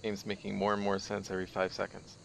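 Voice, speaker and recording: A man's voice: low voice, monotone, fast, creaky, fairly bright tone, slight background noise. A man streaming a game and commenting casually, with sarcastic, mumbled asides.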